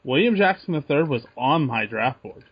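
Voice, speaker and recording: A man co-hosting a sports podcast, talking through his picks in a relaxed way. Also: medium pitch, moderate pace, slightly rough. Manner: relaxed, thinking aloud with restarts. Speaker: podcast co-host. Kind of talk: casual sports podcast chat. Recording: muffled lo-fi sound.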